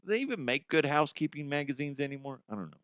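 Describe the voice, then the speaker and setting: A man's voice: on the high side, animated, racing, fairly bright tone, clear, resonant tone, no room sound. A man hosting a comedy podcast, ranting about odd news in an exaggerated way, laughing at his own jokes, close to the mic. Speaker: podcast host.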